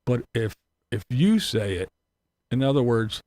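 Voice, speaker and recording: A man's voice: medium pitch, very animated, unhurried, long pauses, a little mellow. A man hosting a casual livestream, reading comments aloud and ranting bluntly with profanity and chuckles. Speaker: livestream host.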